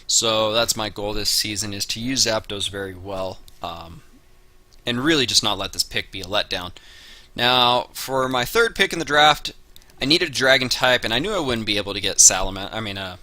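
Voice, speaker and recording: A man's voice: on the low side, pushed and bright, no echo. A man giving a casual spoken analysis of his draft picks, working through lists with frequent "uh" and "um" fillers. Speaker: Pokemon draft league player.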